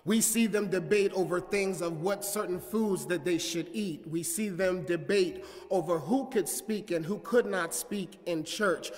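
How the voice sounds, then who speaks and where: Pastor, male, high voice, slow deliberate sermon delivery, long church reverb. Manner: prayerful and measured, then rising preaching cadence. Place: church sanctuary.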